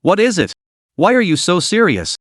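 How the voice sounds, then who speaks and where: A man's voice: high voice, wildly swooping pitch, normal speed, a bit bright, no echo, clean studio sound, pitched above the performer's own voice, full character voice. A man voicing a young woman who is tearful and pleading, reading her in a storybook recap. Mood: distressed. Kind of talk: storybook narration.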